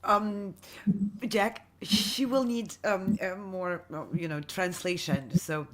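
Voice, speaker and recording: A woman's voice: mid-range voice, slow pace, fairly bright tone. A woman who moderates an audition panel, speaking hesitantly with many fillers.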